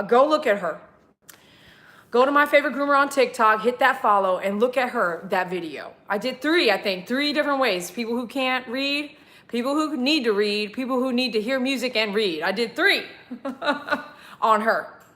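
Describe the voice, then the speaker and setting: Animated, laughing woman storyteller. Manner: animated, laughing, acts out dialogue with big pitch jumps. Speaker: pet groomer telling a story to viewers. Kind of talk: casual storytelling livestream.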